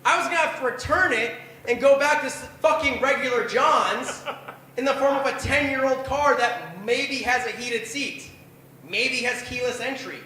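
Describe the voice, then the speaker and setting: A man's voice: very high-pitched, normal speed, bright, forceful tone, very echoey, poor audio. A man in his twenties telling a rambling, profane, self-deprecating story as a stand-up performer at a bar open mic night. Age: 20s.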